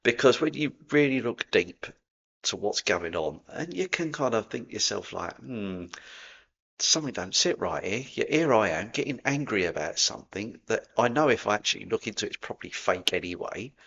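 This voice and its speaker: A man's voice: on the low side, lively intonation, brisk, creaky, fairly bright tone, lo-fi sound. A man from London with a Cockney accent, talking casually to camera in a chatty, rambling way with frequent laughs. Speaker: spiritual vlogger.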